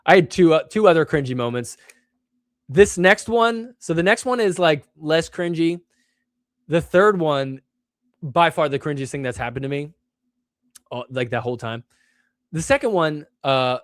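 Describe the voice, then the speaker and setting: A man's voice: on the high side, dry recording. Self-mocking male host, dry sound. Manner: animated, self-mocking, heavy use of "like". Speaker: show host. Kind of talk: casual solo storytelling.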